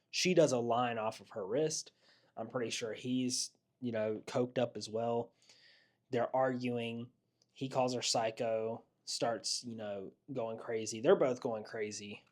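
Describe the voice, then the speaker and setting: A podcast co-host casually recaps a horror film scene by scene, animatedly mimicking the characters when he quotes them. His voice is medium-pitched and a little slow.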